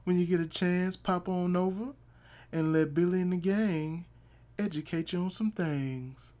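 A man reading a playful, hammy recorded shout-out for another podcast. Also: high voice, a little slow. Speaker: podcaster giving a promo.

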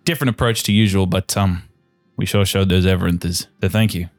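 A man's voice: low-pitched, steady tone, fairly quick, no echo, faint music behind. A man voicing a brash, cocky young male athlete with a mullet, talking in a boisterous, slangy, matey way. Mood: chummy.

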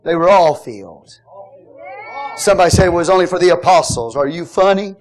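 A man preaching a fervent sermon, calling out to the congregation and shouting at the peaks. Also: high-pitched, lively intonation, fairly quick. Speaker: pastor.

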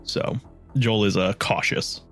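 A man's voice: fairly low pitch, fairly even intonation, slow pace, fairly bright tone, soft background music. A man playing in a tabletop role-playing game, chatting casually with dry, wry humor. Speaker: player.

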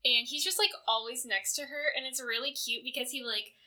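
Casual podcast host, woman with a high, very bright voice and a chatty, filler-heavy delivery. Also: brisk. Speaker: podcast host presenting fan awards. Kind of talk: casual chat.

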